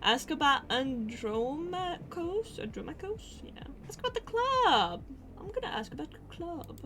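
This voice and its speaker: A woman's voice: very high-pitched, sing-song, measured pace, bright, forceful tone, a little hiss or hum. A woman streamer chatting casually and swearing freely as she reacts to a game. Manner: chatty, swears a lot, laughs often.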